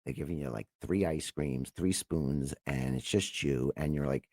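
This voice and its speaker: A man's voice: very deep voice, dark tone, no echo. A man co-hosting a podcast, agreeing often and explaining his views earnestly in casual chat. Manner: agreeable, quick interjections, earnest when explaining. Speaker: podcast co-host.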